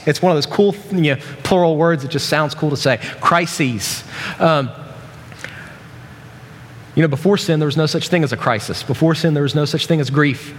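A man preaching a sermon in a casual, joking way, with many restarts and asides. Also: fairly high pitch. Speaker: pastor. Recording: long reverb from a large hall.

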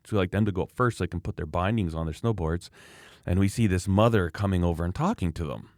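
A middle-aged man telling an animated story in casual chat, acting out other people's voices as he goes. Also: sits low, fast talker, no room sound, studio quality.

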